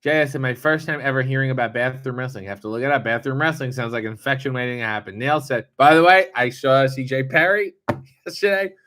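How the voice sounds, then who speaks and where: A man's voice: mid-range voice, a little fast, a bit bright. A man hosting a casual livestream, reading viewer comments aloud and answering them with wry, sarcastic asides and casual swearing. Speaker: livestream host reading chat. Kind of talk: casual live chat.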